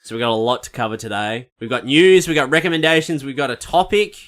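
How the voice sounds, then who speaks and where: A man's voice: mid-range voice, fast, a bit bright. A man hosting a casual podcast, joking and bantering with his co-hosts. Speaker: podcast host.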